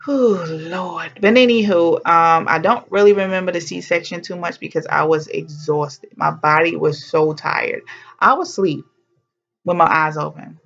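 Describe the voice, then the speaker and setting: A woman's voice: on the low side, measured pace, vocal fry, a bit bright, muffled recording. A woman vlogger telling a personal story in a chatty, heartfelt way, with exclamations and slang.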